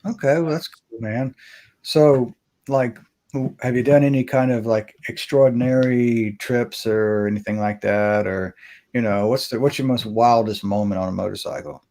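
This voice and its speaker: A man's voice: mid-range voice, steady tone, moderate pace, mellow. A man tells a long, wandering story on a video call. He keeps restarting his sentences and chuckles at his own jokes, speaking in an ordinary middle register. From Mississippi. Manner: rambling, self-interrupting, laughs at his own story. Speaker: host. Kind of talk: casual storytelling chat. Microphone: webcam or phone on video call.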